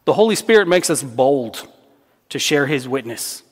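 A man's voice: medium pitch, lively intonation, normal speed, slightly rough. A man preaching a sermon as pastor, earnest and emphatic, repeating key phrases for weight. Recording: long hall reverb.

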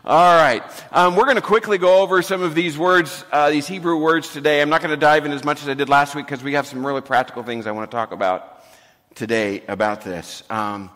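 A man preaching a sermon to his congregation, talking in a relaxed way with humor and dropping to a soft voice for emphasis. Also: a little high, normal speed. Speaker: pastor. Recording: reverberant hall recording.

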